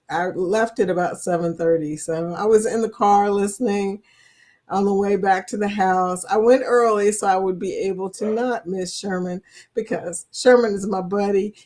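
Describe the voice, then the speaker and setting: A woman's voice: mid-range voice, a little mellow. Woman, Kentucky accent, livestream host, casual chat, teasing, laughs a lot. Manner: chatty, laughs often, teasing. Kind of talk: casual chat greeting viewers.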